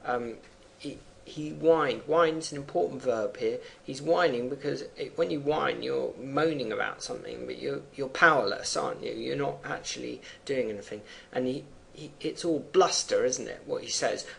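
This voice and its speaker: A man with a gravelly voice, the pitch sitting in the middle for a man, talks a class through a poem, stopping to reread lines and explain words as he thinks aloud. Soft background noise runs under the recording. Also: normal speed. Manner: unscripted, thinking aloud with fillers between readings. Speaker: teacher.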